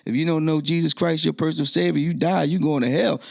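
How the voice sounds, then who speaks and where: Gravelly man telling an animated story. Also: quick pace. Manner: animated storyteller, voice jumps high when quoting himself. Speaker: guest DJ. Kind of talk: storytelling in a podcast interview.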